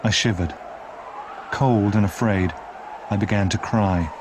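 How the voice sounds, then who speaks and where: A man narrating a retold classic novel in an expressive, dramatic reading style. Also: fairly low pitch, a little slow, background noise. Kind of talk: scripted storybook narration.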